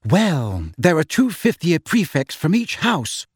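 A man's voice: a little high, sing-song, slow, slightly rough, no echo, clean studio sound, pitched above the performer's own voice, exaggerated voice. A man doing a cutting, disgruntled teenage girl.

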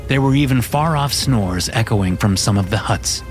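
A man narrating a horror story in a steady, measured scripted reading, with music playing behind him. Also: medium pitch.

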